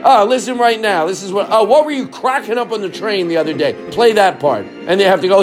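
A man's voice: high voice, lively intonation, fairly quick, few pauses, soft background music. A man hosting a comedy podcast, rambling and repeating lines for laughs. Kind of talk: rambling comic monologue.

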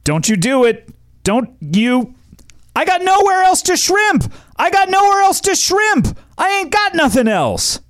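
A man's voice: very high-pitched, wildly swooping pitch, a little slow, dry recording, studio quality, voice pushed up, exaggerated voice. A man doing a hammed-up impression of an intense, desperate young male film character. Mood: pleading. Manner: strained, pleading, hammed-up delivery.

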